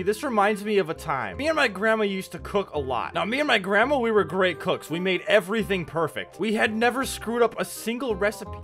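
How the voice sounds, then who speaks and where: A young man with a high, bright voice that swings all over as he rattles off jokey stories over gameplay. He keeps laughing at his own punchlines, and light music plays behind him. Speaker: gaming YouTuber. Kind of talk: comedic storytelling over gameplay.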